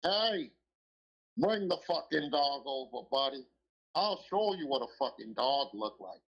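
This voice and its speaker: A man imitating a brash, pushy older dog breeder who is showing off his dogs in a loud, swaggering sales voice. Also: medium pitch, very animated, unhurried, creaky, breathy edge, exaggerated voice. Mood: boastful. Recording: dull lo-fi audio.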